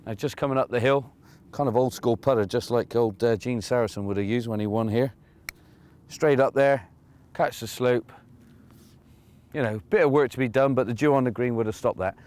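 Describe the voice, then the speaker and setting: A man reporting outdoors on a golf course, explaining a hole in a lively, hands-on way while he plays a shot. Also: medium pitch, moderate pace. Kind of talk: on-course demonstration and commentary.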